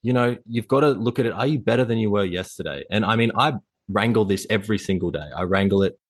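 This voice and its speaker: Fitness coach guy on a podcast, low voice, rapid-fire, blunt pep-talk vibe. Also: no echo. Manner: intense, blunt, motivational. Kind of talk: casual interview chat.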